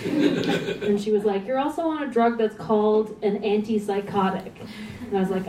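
A woman doing stand-up comedy with a dry, deadpan delivery. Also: mid-range voice, moderate pace, noisy background. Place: comedy venue, stage. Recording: echoey room recorded from a distance.

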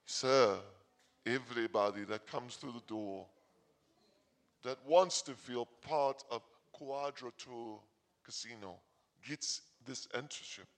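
A man quoting a polite male casino clerk in a sales-pitch tone. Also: takes it slowly.

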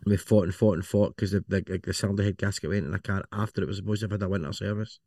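A man's voice: low voice, steady tone, very fast, a little mellow, no echo, studio quality. A man with a Scottish accent, co-hosting a casual podcast chat and rambling, often repeating words as he thinks. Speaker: podcast co-host.

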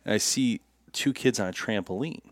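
A man's voice: lowish voice, moderate pace, dry recording, studio quality. A man co-hosting a podcast, telling funny stories in casual chat and laughing through them. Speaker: podcast co-host.

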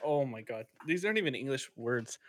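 A man's voice: medium pitch, animated, brisk, a bit bright, no room sound. A man co-hosting a comedy podcast, hesitant and self-deprecating, trying British phrases in put-on accents. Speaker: podcast co-host.

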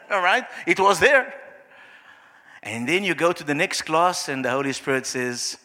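High, bright-voiced preacher. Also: male voice, big pitch swings, normal speed. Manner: acts out little scenes in soft, low voices. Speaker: pastor. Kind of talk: sermon. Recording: long hall reverb.

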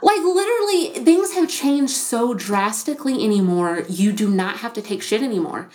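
A woman in her thirties, a podcast guest telling her own story in casual talk, animated, with frequent "like" fillers and acted-out quotes. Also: medium pitch, moderate pace. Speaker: podcast guest, business founder.

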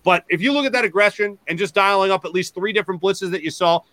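A man breaking down game plays as a sports analyst, quick and analytical. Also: high-pitched, sharp tone, dry recording.

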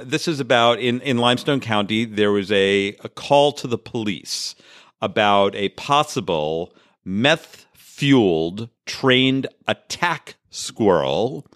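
Lively, laughing male podcast co-host. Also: mid-range voice, dry recording, clean studio sound. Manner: jokey storytelling, frequent laughs. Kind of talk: casual comedic chat.

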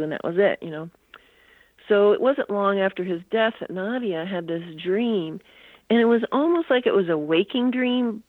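A woman's voice: on the low side, no echo. An older woman, a guest author, telling a long story in an interview and filling it with "you know" asides. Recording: tinny phone line.

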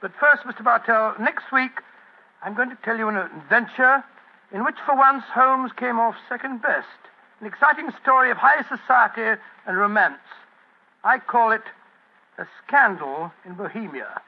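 An actor playing a bluff, good-natured doctor companion with a hearty manner in 1940s radio style. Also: male voice, very high voice, normal speed, slightly rough, full character voice. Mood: genial. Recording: dull lo-fi 1940s radio recording.

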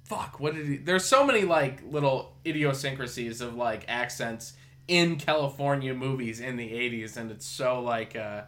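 A man's voice: mid-range voice, moderate pace, a bit bright. A man hosting a podcast in casual chat, rambling with lots of fillers and swearing. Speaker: podcast host.

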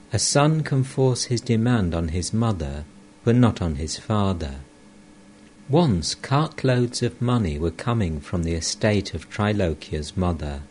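A man reading a spiritual text aloud in a measured, deliberate way. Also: fairly low pitch, a little mellow, a little hiss or hum. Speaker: audiobook reader.

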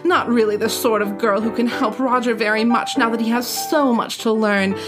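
A woman's voice: on the high side, fairly even intonation, moderate pace, music in the background, close to an everyday voice. A woman voicing a snobbish, wealthy, middle-aged society mother in a made-up posh accent, drawing out her words. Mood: snooty, scheming.

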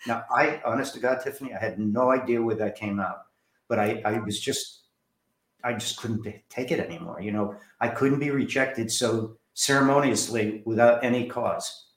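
A man's voice: mid-range voice, moderate pace, roomy sound. A man from New Jersey, an author and director, telling stories from his life in an interview and acting out the people in them. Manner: animated storyteller who acts out quoted voices. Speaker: author and film director, guest. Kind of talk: storytelling interview.

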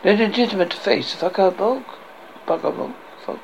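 A man's voice: high-pitched, moderate pace, slight background noise, pitched above the performer's own voice, rough recording. A man reading as a jeering French castle guard. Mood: taunting. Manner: hurls absurd insults in flat reading.

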